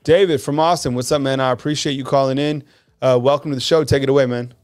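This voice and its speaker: A man hosting a live call-in sports talk show, talking in an animated, conversational way and reading fan comments aloud. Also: medium pitch, quick pace.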